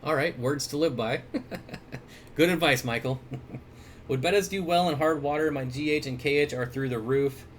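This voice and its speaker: A man hosting a casual livestream, reading viewer comments aloud and answering aquarium questions in a relaxed, chuckling way with lots of fillers. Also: on the high side, moderate pace, a little hiss or hum. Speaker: aquarium store owner and livestream host. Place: indoors, at his fish room or store. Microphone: desk mic.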